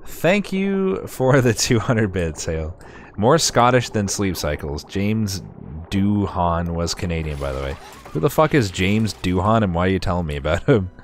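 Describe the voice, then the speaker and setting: Deep-voiced man streaming a game. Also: very animated, moderate pace, a little hiss or hum. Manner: chatty, swears a lot, sarcastic toward himself. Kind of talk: casual gameplay commentary.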